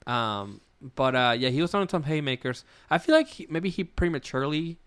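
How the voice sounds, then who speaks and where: A man's voice: a little high, big pitch swings, a little fast, fairly bright tone, clear, resonant tone, dry recording. A man with a Midwestern American accent co-hosting a casual wrestling podcast, laid-back and rambling, swearing and laughing often. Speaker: podcast co-host.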